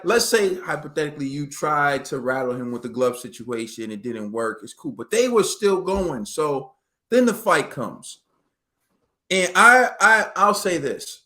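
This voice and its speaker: A man in casual sports talk, breaking down a boxing match in a loose, slangy manner. His voice sits a little higher than most men's. He throws in quick acted quotes as he goes. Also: lively intonation, bright, forceful tone. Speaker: boxing show co-host.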